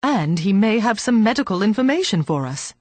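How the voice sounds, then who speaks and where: A woman voicing a brisk, thoughtful police chief inspector who asks clipped, businesslike questions. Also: high voice, sing-song, darkish tone, no room sound.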